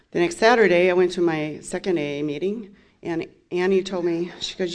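A woman's voice: on the low side, fairly even intonation, brisk. A woman in her fifties sharing her recovery story as a candid personal testimony, with wry laughs along the way. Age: 50s.

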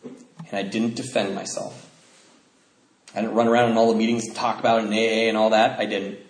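A middle-aged man telling his personal recovery story at a meeting, emotional and swinging from loud to quiet. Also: fairly low pitch, little pitch movement, brisk. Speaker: speaker sharing at a recovery meeting. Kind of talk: personal testimony talk. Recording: echoey room.

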